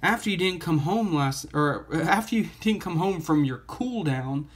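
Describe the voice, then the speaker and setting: A man's voice: a little high, lively intonation, moderate pace, lightly acted. A man reading aloud the lines of a blunt, worried young sister from a comic book, voice a little raised. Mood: exasperated.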